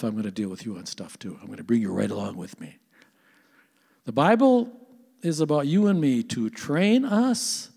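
A man's voice: high-pitched, a little mellow, big-room sound. An older man preaching a sermon as pastor, earnest and conversational, asking his listeners questions.

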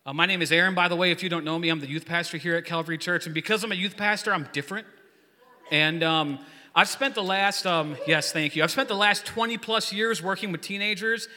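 A man's voice: sits high, brisk. A man in his forties, a youth pastor, preaching a casual, joking sermon to his church and leading the crowd in call-and-response. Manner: joking, energetic, rambling storyteller. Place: church hall. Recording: long hall reverb.

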